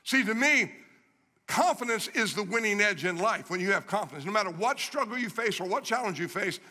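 A man's voice: sits high, animated, a little fast, bright, forceful tone. A middle-aged man preaching a sermon, telling stories animatedly and repeating phrases for emphasis. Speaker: guest preacher. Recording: long reverb of a large hall.

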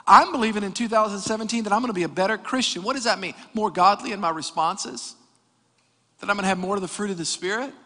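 A pastor, preaching an energetic sermon with jokes and calls to the congregation. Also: male voice, high-pitched, quick pace. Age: 40s. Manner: energetic preaching with jokes and crowd call-outs. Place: church hall. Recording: reverberant church hall.

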